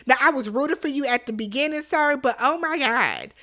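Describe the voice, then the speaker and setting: A woman hosting a casual recap, talking in a sassy, animated way and quoting the players with quick asides. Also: high voice. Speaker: recap show host.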